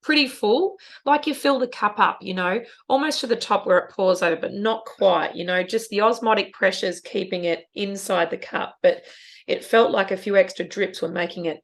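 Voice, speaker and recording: Gravelly-voiced woman, earnest and reflective. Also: mid-range voice, normal speed. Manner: earnest, emotional, spiritual wording. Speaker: podcast co-host. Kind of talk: casual reflective chat.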